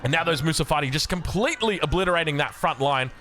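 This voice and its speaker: A young Australian man casting a strategy video game match, getting excited and rising in pitch as the action picks up. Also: quick pace. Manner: excitable, rises sharply when action picks up. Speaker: game caster. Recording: faint music behind.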